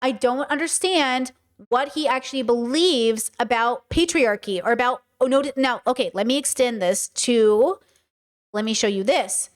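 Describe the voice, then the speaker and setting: High-voiced passionate woman streamer. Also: normal speed. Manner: passionate, emphatic, talks back to chat. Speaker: streamer commentator. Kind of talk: live stream commentary.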